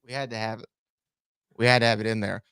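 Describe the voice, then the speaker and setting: A man's voice: fairly low pitch, steady tone, fast, sharp tone, smooth. A man hosting a podcast in casual chat, easygoing and hesitant, reading out listener messages. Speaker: podcast host.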